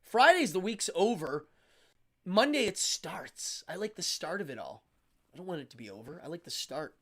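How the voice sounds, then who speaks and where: A man's voice: high voice, moderate pace. Chatty man hosting a live stream. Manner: chatty and animated, reading chat aloud. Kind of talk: casual live stream chat. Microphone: studio microphone.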